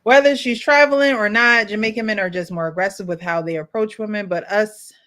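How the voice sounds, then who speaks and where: A woman's voice: mid-range voice, steady tone, fairly quick, fairly bright tone. A woman hosting a casual panel chat, playful and teasing. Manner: playful, teasing, laughs often. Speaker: host.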